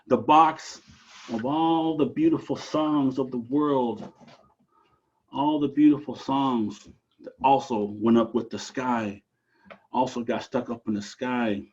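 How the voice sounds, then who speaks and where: A man from Alaska telling a traditional story aloud, animated, with dramatic rises and drops. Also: medium pitch, takes it slowly, husky, muffled recording.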